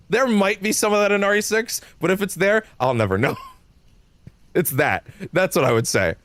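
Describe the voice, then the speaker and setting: A man's voice: fairly high pitch, a bit bright, no room sound. A man streaming a game live, rambling in casual commentary, full of fillers, swearing and frequent laughter.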